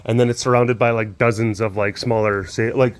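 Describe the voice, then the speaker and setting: A man's voice: mid-range voice, flat delivery, brisk. A young man chatting casually and rambling about his day as a podcast host. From Dallas-Fort Worth area, Texas. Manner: rambling, talks to pets in a soft voice. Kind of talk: casual chat.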